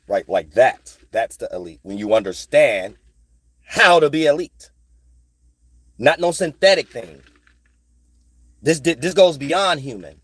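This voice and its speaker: A man's voice: medium pitch, lively intonation, slow, pauses often, breathy edge. A man giving a rambling spiritual monologue, profane and streetwise, repeating phrases and constantly asking if you follow him. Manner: profane, streetwise, keeps asking "you know what I'm saying"; repeats phrases in sing-song bursts. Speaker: spiritual vlogger.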